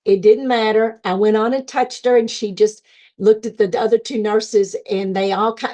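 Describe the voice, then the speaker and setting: A woman's voice: mid-range voice, darkish tone. A middle-aged woman telling her near-death experience as personal testimony, earnestly acting out the thoughts she remembers having.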